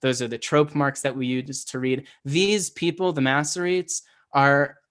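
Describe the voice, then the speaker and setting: A man's voice: medium pitch, steady tone, a little slow, fairly bright tone, clean tone. A man giving a casual, conversational Hebrew lesson, often checking in with "right?" and restarting his sentences. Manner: conversational, self-correcting, asks "right?" often. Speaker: Hebrew teacher. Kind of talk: casual lecture.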